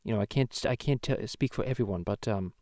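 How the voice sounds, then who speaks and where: A man's voice: on the low side, brisk, a little mellow, no room sound, studio quality, natural voice. A man voicing a foul-mouthed cartoon baby, ranting profanely and rambling in a comedic podcast. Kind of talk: comedic podcast rant in character.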